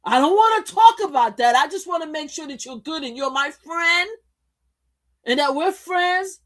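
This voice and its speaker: A woman voicing a smooth-talking, manipulative man who keeps coaxing and reassuring a woman over the phone. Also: high voice, expressive, moderate pace, pitched above the performer's own voice. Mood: soothing, insistent.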